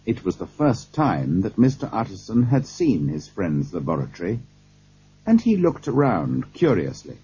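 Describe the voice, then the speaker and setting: A man reads a storybook slowly and deliberately. His voice is low, husky and breathy, and his pitch moves a great deal. The sound is a dull, lo-fi cassette tape. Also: wildly swooping pitch, dark tone. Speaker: audiobook narrator. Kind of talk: scripted narration.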